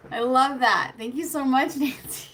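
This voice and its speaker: A fairly high, bright woman's voice with a lot of sparkle, chatting through a relaxed beauty live stream. She rambles, loses her train of thought and greets viewers by name, with a nervous little laugh now and then. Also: moderate pace, a little hiss or hum. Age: adult with a child. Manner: nervous, self-conscious laughter. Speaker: beauty livestream host. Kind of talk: casual live-stream chat.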